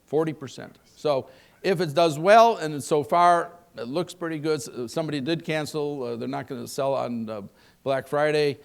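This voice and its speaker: A man's voice: a little high, moderate pace, creaky. An older man giving a live keynote on the economy, folksy and joking, asking the audience questions. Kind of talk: live keynote talk with anecdotes.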